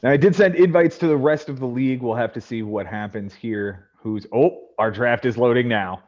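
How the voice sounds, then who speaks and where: A man's voice: mid-range voice, moderate pace, a little mellow. Guy hosting a podcast, chatty, punches up names as he reads them, kinda muffled dull audio. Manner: chatty, announces picks with rising emphasis. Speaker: podcast host running a fantasy baseball draft. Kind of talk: casual chat.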